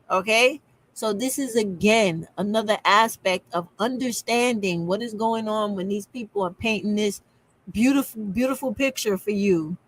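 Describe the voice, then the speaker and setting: A woman commenting on a clip, emphatic and repetitive as she drives her points home. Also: mid-range voice. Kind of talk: reaction commentary.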